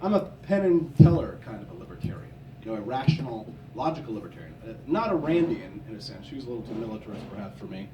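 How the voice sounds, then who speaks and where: A young man from Missouri giving a forceful, combative campaign speech at a convention. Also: fairly low pitch, sing-song, fast talker, hardly any pauses, noisy background. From Missouri, USA. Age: young adult. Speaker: political candidate. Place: convention hall. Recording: echoey hall, from a distance.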